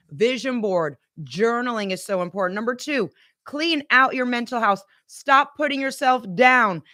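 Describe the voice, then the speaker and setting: A woman hosting a podcast as a motivational coach, talking in an energetic, emphatic way and repeating key phrases back to her listeners. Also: on the high side, no echo, clean studio sound. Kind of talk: upbeat motivational coaching talk.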